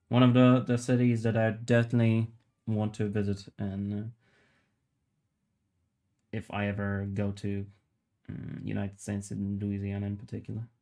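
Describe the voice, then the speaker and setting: A man with a lowish voice talks to his live viewers while he works, rambling from one joke to the next. His delivery stays fairly level and unhurried in its melody, with a casual swear here and there. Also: dark tone. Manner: rambling, joking, reads chat aloud. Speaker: livestreamer sculpting while chatting.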